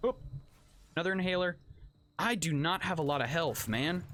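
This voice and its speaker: A let's play host giving casual gameplay commentary, reacting aloud to the action with excitable outbursts and self-mocking asides to viewers. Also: mid-range voice, normal speed.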